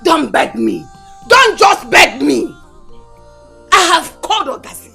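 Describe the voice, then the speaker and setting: Shrill mother, hurling threats, swooping pitch, film score under her. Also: big pitch swings, brisk, soft background music, exaggerated voice. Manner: shouting, scolding, threatening. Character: furious domineering mother, loud and threatening. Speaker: actress. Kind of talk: Nollywood film acting.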